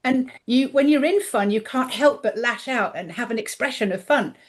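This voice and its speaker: A woman guest on a podcast, chatting casually about her coaching work, animated and acting out the voices she quotes, her voice getting a little tired. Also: on the high side, normal speed. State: voice tiring, clears throat. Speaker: guest, intuitive coach and author.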